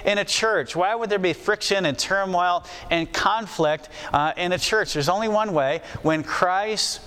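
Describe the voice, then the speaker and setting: A man's voice: sits high, measured pace, pushed and bright, clean tone. Folksy preacher man in a reverberant hall. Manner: folksy, repeats phrases for emphasis. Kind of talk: sermon.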